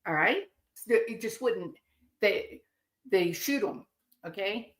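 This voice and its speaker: A woman's voice: medium pitch, animated, takes it slowly, pauses often, fairly bright tone. A woman hosting a commentary channel, talking in an emphatic, indignant way, with rhetorical asides to her viewers. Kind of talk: opinionated commentary.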